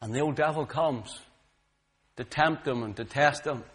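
A husky-voiced man preaches fervently at a normal speed. Quiet, low moments give way to loud outbursts, and he repeats words when he gets worked up.

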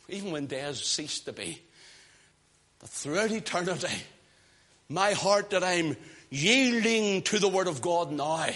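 A man from the British Isles preaching a fiery sermon in a church, swinging from hushed talk to shouted praise. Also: sits high, slightly rough.

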